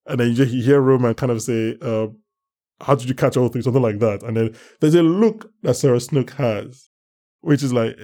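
A man's voice: medium pitch, moderate pace, mellow. A man co-hosting a casual podcast chat, talking animatedly and acting out his own reactions. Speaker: podcast co-host.

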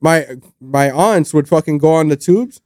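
A man's voice: on the high side, normal speed, a little mellow, dry recording, clean studio sound. A young man co-hosting a podcast, telling stories in casual chat, swearing a lot and laughing along. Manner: profane, laughing storyteller. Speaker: podcast co-host.

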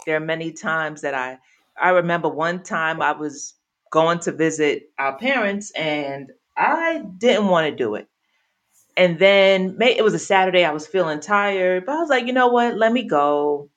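Woman, podcast co-host, casual chat, reflective, lowish voice. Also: animated, normal speed. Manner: reflective, acts out quotes with a raised voice.

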